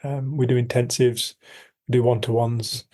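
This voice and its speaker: In this candid storytelling conversation, a middle-aged man who works as a coach appears as a podcast guest, speaking earnestly and frankly, repeating himself and occasionally cursing. He has a warm, medium-pitched voice, a flat delivery, and moderate pace.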